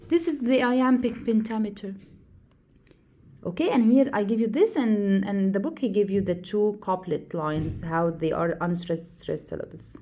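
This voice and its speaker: Slow, mellow Egyptian woman teaching poetry. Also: medium pitch. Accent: Egyptian Arabic. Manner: repetitive, asks and answers own questions, counts out stresses. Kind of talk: classroom lecture on poetry. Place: classroom.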